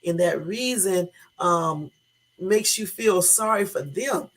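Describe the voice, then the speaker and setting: A livestream host reading an article aloud in a halting way, then commenting bluntly and casually, often saying "y'all" and "you know what I'm saying.". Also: mid-range voice, expressive, fairly bright tone. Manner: reads haltingly, stopping to correct typos.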